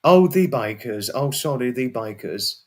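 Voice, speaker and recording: A man's voice: mid-range voice, expressive, a little slow. A man hosting a casual livestream and chatting with viewers. He rambles and repeats himself, and now and then breaks into a sweary outburst. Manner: rambling and repetitive, often restarts and repeats phrases. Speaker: livestream host. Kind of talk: casual livestream chat, answering viewers' messages.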